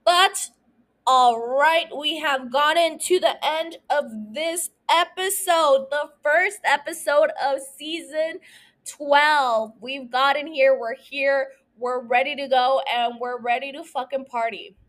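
A woman hosting a solo podcast, ranting casually and excitedly about a TV show, swearing often. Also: sits high, slow. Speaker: podcast host.

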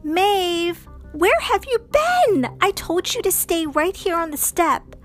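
Woman doing a high bubbly swim instructor, coaxing and fond, storybook style. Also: lively intonation, slow, fairly bright tone, soft background music, full character voice. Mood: scolding. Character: cheerful female swim instructor, gently scolding.

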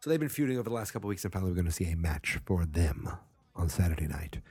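A man with a low, mellow voice talks through a casual podcast, rambling and tired, dropping sarcastic, self-mocking asides. The sound is close and dry, with no room around it. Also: sing-song, very fast, breathy edge, no room sound. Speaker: podcast host.

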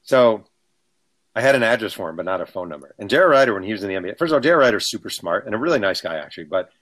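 Low-voiced man telling lively stories. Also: very fast. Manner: animated, acts out quotes. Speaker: author guest. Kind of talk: casual storytelling.

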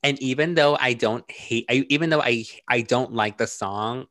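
A young man co-hosting a podcast in casual chat, relaxed and rambling with lots of filler words. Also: mid-range voice, moderate pace, dry recording. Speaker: podcast co-host.

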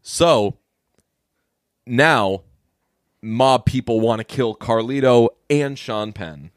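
A man's voice: slow, no room sound, clean studio sound. A man casually recapping a movie plot on a podcast, acting out the characters' lines in a raised voice. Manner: animated storytelling, acting out quoted lines in a higher voice. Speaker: podcast co-host.

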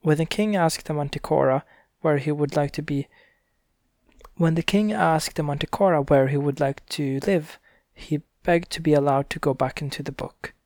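A man reads a storybook aloud at a gentle, unhurried pace and sometimes corrects himself mid-sentence. His voice sits slightly high and is recorded close and dry. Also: no echo. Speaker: reader. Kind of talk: bedtime story reading.

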